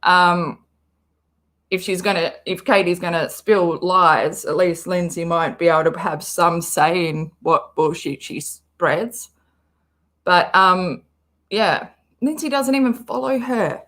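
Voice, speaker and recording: A woman's voice: medium pitch, measured pace, fairly bright tone. A woman with an Australian accent, chatting bluntly and casually as she reacts to a podcast for her stream, swearing freely. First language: English.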